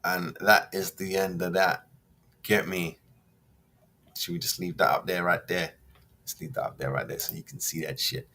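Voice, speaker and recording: Husky man ranting. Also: deep voice, animated, moderate pace, fairly bright tone. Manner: heated, slangy and mocking. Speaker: host. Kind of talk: reading a news article then ranting about football.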